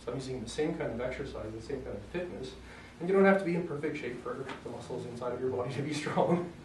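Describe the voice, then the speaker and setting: A man teaching a casual self-defense demonstration lesson in a relaxed, joking way, often clearing his throat. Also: medium pitch, quick pace, slight background noise. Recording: roomy echo, mic far off, faint ambience.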